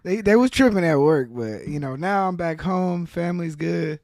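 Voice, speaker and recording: A man's voice: fairly high pitch, normal speed, no room sound, studio quality. A man, chatting casually as a guest and laughing easily. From Texas. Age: 40s. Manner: relaxed, laughs easily, talks with fillers. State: slightly hoarse from allergies. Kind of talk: casual interview chat.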